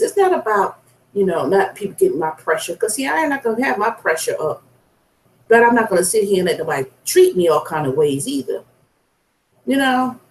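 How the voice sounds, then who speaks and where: A woman's voice: mid-range voice, a little mellow. Blunt ranting woman, roomy echo. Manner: blunt, profane, venting. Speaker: food delivery driver. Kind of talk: casual vlog rant.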